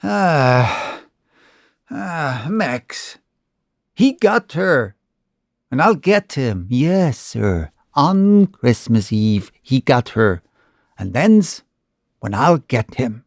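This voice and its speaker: A man's voice: medium pitch, sing-song, very slow, gravelly, no echo, clean studio sound, heavily acted. A man voicing a cold, deadly young outlaw who talks in a mild drawl. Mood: brooding.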